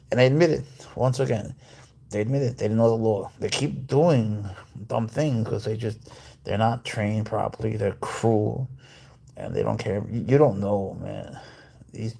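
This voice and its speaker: A man with a low, heavily gravelly and husky voice, talking casually on a livestream at home. He keeps up a loose, chatty flow, cooing to his cat and reading out viewer comments between stretches of talk. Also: warm tone.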